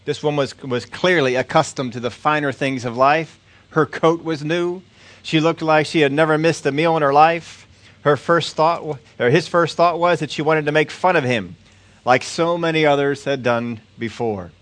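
A man reading a story aloud as part of a sermon, steady and plain, with now and then a small slip. His voice sits a little higher than most men's. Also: moderate pace, dry recording. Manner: steady storytelling, occasional slips. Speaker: preacher.

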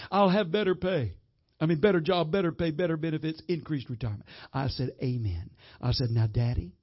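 High-voiced emphatic male preacher, muffled recording. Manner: emphatic preacher, repeats phrases for the congregation. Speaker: guest minister. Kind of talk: sermon with storytelling. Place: church hall with congregation.

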